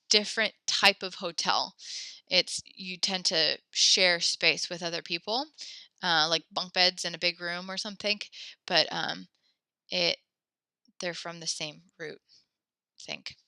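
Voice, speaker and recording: A woman's voice: on the low side, measured pace, bright, forceful tone, no room sound. A woman teaching a French vocabulary lesson in a chatty, digressive way, with many fillers and self-corrections. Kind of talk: recorded classroom lesson.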